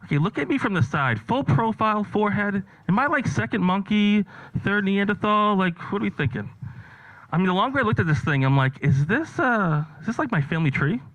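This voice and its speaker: A man's voice: high-pitched, lively intonation, a little fast, fairly bright tone, no echo, highs cut off. A man performing a stand-up set, telling stories in a rambling, offhand way with lots of fillers. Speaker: stand-up comedian.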